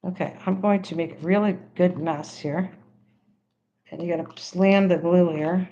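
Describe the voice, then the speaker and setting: A woman's voice: on the low side, steady tone, measured pace, warm tone, lo-fi sound. An older woman hosting a crafting livestream. She chats casually with viewers, rambling and restarting her sentences as she works. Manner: chatty, rambling, stops mid-sentence and restarts.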